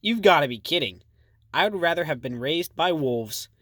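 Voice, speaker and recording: A man's voice: fairly high pitch, lively intonation, normal speed, fairly bright tone, dry recording, clean studio sound, voice pushed up. A man voicing a blunt, sarcastic teenage girl in an audiobook. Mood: sassy. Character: sassy teenage preacher's daughter.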